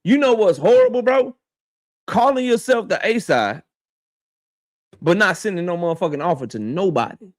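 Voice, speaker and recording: A man's voice: sits high, expressive, moderate pace, pauses often, no echo, clean studio sound. A man hosting a boxing channel, delivering a confrontational, profane commentary rant aimed straight at his target and repeating his points for emphasis. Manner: addresses his target directly.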